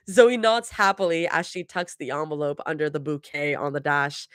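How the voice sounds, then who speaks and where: A woman's voice: sits low, fairly even intonation, normal speed, fairly bright tone, dry recording, studio quality. A woman reading her fan fiction aloud live, chuckling and restarting words as she goes. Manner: laughs and restarts while reading. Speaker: fanfiction reader.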